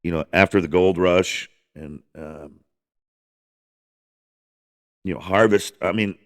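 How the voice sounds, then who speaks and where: A man's voice: low voice, takes it slowly. A man hosting a casual music podcast, rambling enthusiastically with lots of restarts and the odd swear. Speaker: podcast host.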